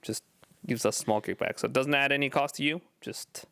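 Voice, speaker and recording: A man co-hosting a podcast in casual chat, relaxed and rambling with restarts. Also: medium pitch, a little fast, creaky, clear, resonant tone, no room sound. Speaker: podcast co-host.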